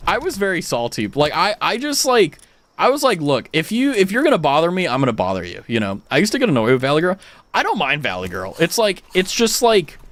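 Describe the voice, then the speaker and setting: A young adult man with an American accent, a streamer telling stories in casual chat with his viewers, full of fillers and swearing. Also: high voice. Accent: General American. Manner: animated storytelling, frequent swearing, many fillers.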